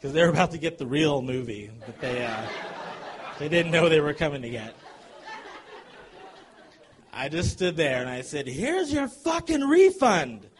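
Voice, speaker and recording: A man telling a comic true story to a live audience, animated and chuckling as he goes. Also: on the high side, moderate pace, long pauses, crowd noise, background noise.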